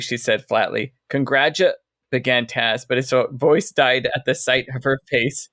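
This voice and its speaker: A man's voice: mid-range voice, moderate pace, a bit bright, no echo, clean studio sound. A man co-hosting a book podcast, summarizing chapters and reading passages aloud between casual comments. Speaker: podcast co-host.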